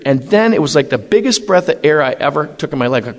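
A man's voice: a little high, a little fast, hardly any pauses. Middle-aged male priest, emphatic testimony, reverberant hall. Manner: animated, emphatic, acts out dialogue. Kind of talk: personal testimony storytelling.

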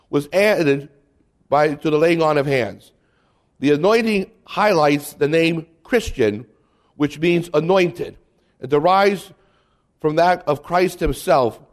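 Man teaching catechism, animated and humorous. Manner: humorous, mimics bishops and kids, drops voice low for asides. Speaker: Catholic priest teaching. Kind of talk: catechism talk with reading aloud.

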